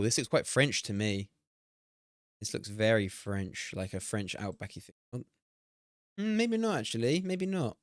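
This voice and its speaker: Brit guy streaming a game, a bit low-voiced, hyped and sweary, dry close mic. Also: no echo. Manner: excitable, swearing, laughing at himself. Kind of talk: live-stream gameplay commentary.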